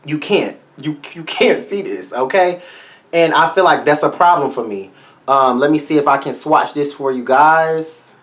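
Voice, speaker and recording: A man's voice: on the high side, moderate pace, a bit bright. Sassy flamboyant man reviewing makeup. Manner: talks straight to viewers. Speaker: beauty vlogger.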